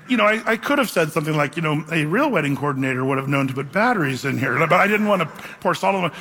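A male pastor delivers a sermon, spinning an animated, self-deprecating story before turning to scripture. His voice sits a little high and rings with a bright, forceful edge. A long reverb trails behind him, as if he is speaking in a large hall. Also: quick pace, husky.

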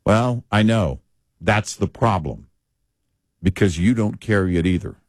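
A man hosting a political talk show, speaking with frustrated emphasis and sharp rises. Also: fairly low pitch, expressive, unhurried, no room sound, studio quality. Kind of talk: political talk radio commentary.

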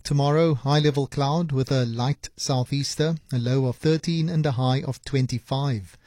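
Guy reading radio news, mellow voice, dry sound. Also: mid-range voice, fairly even intonation, normal speed, no echo. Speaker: newsreader. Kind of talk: news bulletin.

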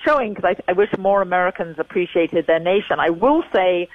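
A woman's voice: fairly low pitch, animated, fairly quick, dry recording, narrow, tinny audio. A woman in her sixties with an English accent, giving an interview as a guest and repeating her points for emphasis. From England. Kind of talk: remote interview.

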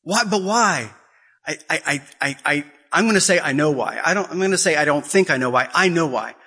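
A man delivering an emphatic, impassioned sermon-style talk. His voice is bright and forceful and sits a little high for a man. He repeats key phrases and leaps upward in pitch in bursts. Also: expressive, fast talker, breathy edge. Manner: acts out quoted voices. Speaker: Catholic speaker.

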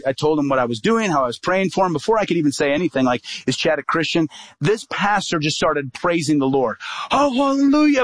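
A man's voice: on the high side, a bit bright, dry recording. A middle-aged man, an evangelist, telling a personal story in a sermon and acting out the voices of the people in it.

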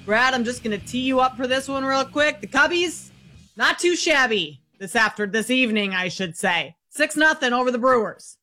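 A woman hosting a sports betting show, running briskly through scores in a chatty studio manner. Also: sits high, animated, bright, forceful tone, faint music behind.

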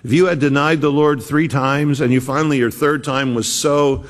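A man preaching a sermon as pastor, slow and conversational, often pausing and wandering off on asides. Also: mid-range voice, fairly even intonation. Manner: conversational, digressive, slow and deliberate. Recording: echoey hall reverb.

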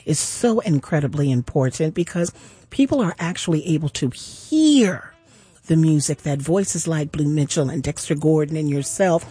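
A woman host on public radio makes pledge appeals with a lively, swooping delivery. Her voice is somewhat low, mellow and husky, with faint music playing under the studio talk. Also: normal speed.

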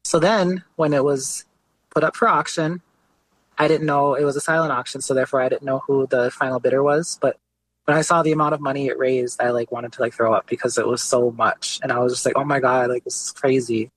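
A man's voice: medium pitch, brisk, dry recording, rough recording. Casual chatty male artist guest. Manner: relaxed, lots of "like" and "you know" fillers. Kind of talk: casual conversational storytelling.

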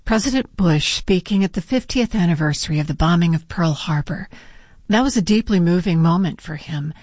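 A woman interviewing a guest with measured, prepared questions. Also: lowish voice, lively intonation, darkish tone, no room sound, studio quality.

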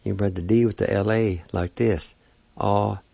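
Low gravelly guy slowly sounding out words for a language lesson, dull lo-fi recording. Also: fairly even intonation, dark tone, no echo. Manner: patient, sounds out each syllable slowly. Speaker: language teacher. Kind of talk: slow word-by-word language lesson.

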